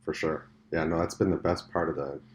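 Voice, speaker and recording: A middle-aged man hosting a podcast interview in a casual chat style, an animated storyteller with quick asides and restarts. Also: rumbling low. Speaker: podcast host. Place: conference venue.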